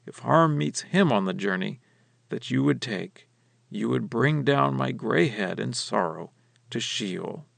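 A grieving aged father of many sons, read by a man in his own voice. The voice is heavily gravelly and swings widely in pitch. It sounds dry and close. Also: lively intonation, measured pace, fairly bright tone, dry recording, full character voice. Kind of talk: scripture reading.

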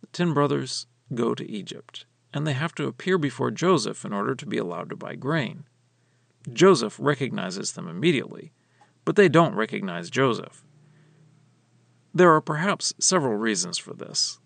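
Gravelly man reading scripture. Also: medium pitch, sing-song, moderate pace, dry recording. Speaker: Bible teacher.

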